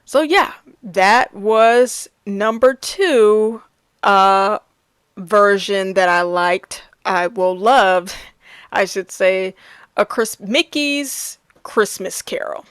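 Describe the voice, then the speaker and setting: Slow-talking woman reviewing films. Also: mid-range voice, clear, resonant tone, dry recording. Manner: chatty, laughs often, many restarts. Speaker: movie reviewer. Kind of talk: casual movie review chat.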